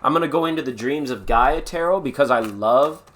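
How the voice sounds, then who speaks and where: A man's voice: mid-range voice, fairly quick, fairly bright tone. A man doing a live-stream tarot reading in a chatty, playful way with sing-song asides. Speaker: tarot reader.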